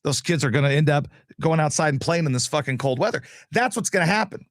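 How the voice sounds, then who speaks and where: A man's voice: a little high, expressive, quick pace, no echo, clean studio sound. A male show host ranting casually, profane, exasperated and sarcastic. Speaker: radio and live-stream host.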